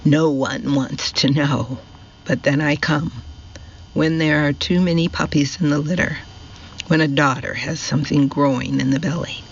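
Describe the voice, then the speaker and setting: A man reading the lines of a cold, scornful old woman in an audiobook, slow and hissing. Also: fairly high pitch, steady tone, lo-fi sound, close to an everyday voice.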